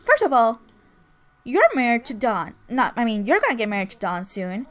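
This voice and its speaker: A woman's voice: a little high, very animated, normal speed. A woman voicing a troubled young man who is insistently confronting a friend. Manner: insistent, emphatic.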